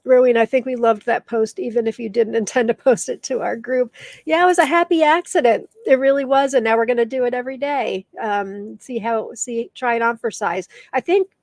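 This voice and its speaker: A woman's voice: on the high side, a little fast, a little mellow, dry recording, clean studio sound. A middle-aged woman hosting a casual live stream, teary and emotional as she reads viewer comments aloud. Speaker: live show host.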